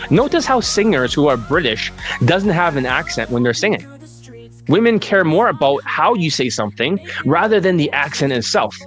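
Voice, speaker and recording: A male dating coach giving an assertive sales pitch as he answers viewer questions, and at times building into a rant. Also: a bit bright.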